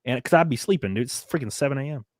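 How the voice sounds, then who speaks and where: A man's voice: medium pitch, animated, rapid-fire, dry recording, clean studio sound. A young man hosting a podcast, talking crudely in a casual, rambling way with many restarts. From American South. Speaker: podcast host. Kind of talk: casual chat.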